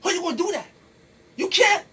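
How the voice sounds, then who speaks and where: A man's voice: very high-pitched, animated, a little fast, sharp tone. A man with a Caribbean accent giving a preachy, emphatic health talk, repeating his points and quizzing the people listening. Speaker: health educator. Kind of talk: lively health talk to an audience.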